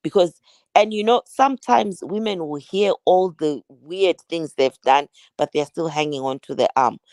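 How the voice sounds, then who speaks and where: British woman guest, deep voice, earnest and measured advice. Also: darkish tone, no room sound. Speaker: guest speaker. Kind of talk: advice on a call-in.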